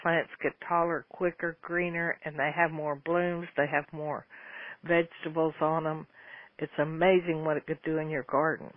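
Male host, folksy and rambling, slightly high voice, dry and phone-thin sound. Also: little pitch movement, normal speed, no room sound. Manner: folksy, rambling, with frequent restarts. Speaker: host answering listener questions. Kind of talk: casual gardening advice talk. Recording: tinny phone-like line, dry.

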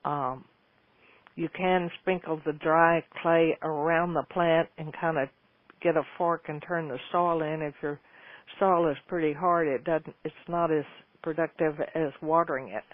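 A male host with a fairly high voice answers listener questions with casual, folksy gardening advice, rambling and often restarting his sentences. His tone is steady and unhurried, and the recording is dry and tinny, like a phone line.

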